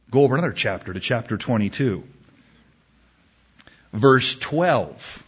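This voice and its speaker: A man preaching a sermon, reading scripture slowly with emphasis and acting out a back-and-forth exchange. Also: medium pitch, lively intonation, husky. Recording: dull lo-fi recording.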